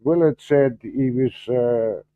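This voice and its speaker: A man hosting a livestream in casual chat, halting and distracted, restarting his sentences as he fiddles with the stream settings. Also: medium pitch, slight background noise. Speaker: livestream host. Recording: thin phone-like video-call audio.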